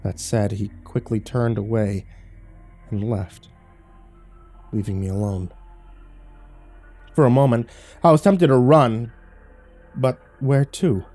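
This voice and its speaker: A man narrating a first-person horror story in a grave, measured way. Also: mid-range voice, mellow, soft background music.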